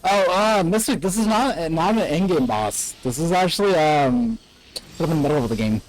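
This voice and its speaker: A man's voice: a little high, normal speed. A man streaming a video game, chatting casually and explaining the game to his viewers. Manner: chatty, explains to chat, reads cutscene lines aloud.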